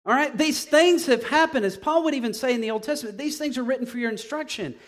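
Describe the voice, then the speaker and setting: High-pitched male preacher, casual and punchy sermon delivery. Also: fast. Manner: emphatic, conversational, swings between quiet and loud.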